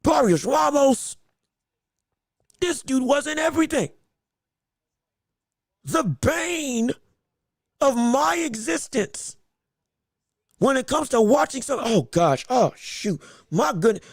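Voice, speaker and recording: Excitable high-voiced man with gravelly edge. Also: slow pace, pauses often, no room sound, studio quality. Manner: excitable, rambling, repeats words, reads chat aloud. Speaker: boxing podcast host. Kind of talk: casual livestream commentary.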